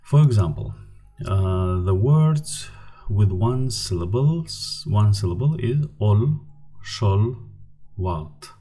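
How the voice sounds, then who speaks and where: A man teaching a lesson at an unhurried pace. His voice is low, mellow and a little husky. He patiently says each example word twice. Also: lively intonation, faint music behind. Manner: patient, repeats example words slowly. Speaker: language teacher. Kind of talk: slide-based language lesson.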